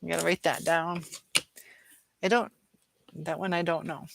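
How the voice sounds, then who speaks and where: Tired woman with a gravelly edge. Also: lowish voice, little pitch movement, moderate pace, a little hiss or hum. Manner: hesitant, many fillers and restarts. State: tired and dizzy. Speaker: host of a live chat Q&A. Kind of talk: live-stream chat, reading viewer comments aloud.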